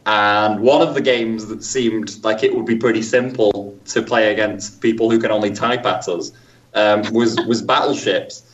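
A man's voice: lowish voice, steady tone, moderate pace, distant mic, muffled recording. A man chatting on a livestream, joking and laughing often as he talks. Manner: jokey, laughs often, playful voices. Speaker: game company staff guest. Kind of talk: casual chat on a livestream.

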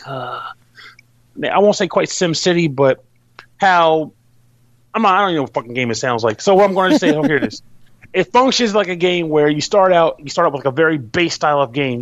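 A man's voice: a little high, no room sound, lo-fi sound. A man casually explaining how a game works, rambling, restarting, and swearing now and then. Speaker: podcast host reviewing a game.

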